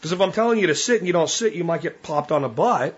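A man's voice: fairly high pitch, lively intonation, fast talker, husky, muffled recording. A man hosting a podcast, talking casually and bluntly in a folksy way, often acting out what his dog is thinking. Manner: blunt, folksy, acts out his dog's thoughts. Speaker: podcast host. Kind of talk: casual monologue. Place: at home with his dog beside him.

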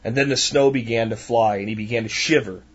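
A man's voice: mid-range voice, brisk, husky, muffled recording. A man hosting a podcast who talks in a passionate, emphatic, ranting way. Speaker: podcast host. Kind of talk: monologue podcast.

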